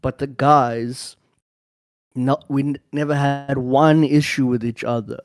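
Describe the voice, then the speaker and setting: A man's voice: medium pitch, fairly even intonation, a little slow, music in the background. A man, a podcast co-host, telling a rambling anecdote with fillers and frequent laughter. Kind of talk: casual discussion.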